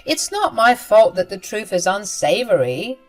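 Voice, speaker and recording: A woman playing a smug, self-righteous young woman who lectures and belittles in a storybook reading, her voice at an ordinary pitch. Faint music plays behind her. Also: very animated, unhurried, rough recording. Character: cruel, smug young adult sister-in-law.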